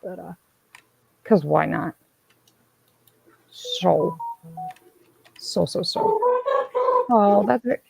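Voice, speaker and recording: A woman's voice: on the low side, drawn-out words, gravelly, long pauses, background noise. A woman hosting a casual livestream, rambling and calling out viewers by name as she reads their comments. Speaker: streamer host reading chat.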